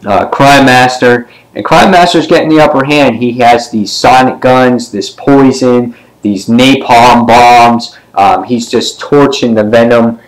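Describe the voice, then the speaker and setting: A man giving a casual comic book review, retelling the story in a rambling way with many fillers and sometimes jumping up in pitch to act out a character's line. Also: low-quality recording. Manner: briefly acts out characters' lines with pitch jumps.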